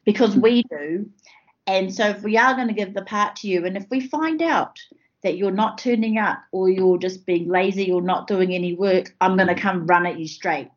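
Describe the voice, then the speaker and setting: A woman, a producer telling a story in casual chat, lively and full of fillers. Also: mid-range voice, moderate pace. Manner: lively, laughing, lots of fillers. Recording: slightly muffled recording.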